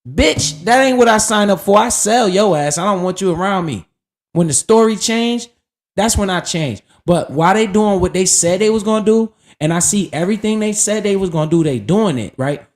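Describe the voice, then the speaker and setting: A man's voice: high voice, expressive, normal speed. A man streaming live, casually talking about investing in a profane, hyped and preachy way.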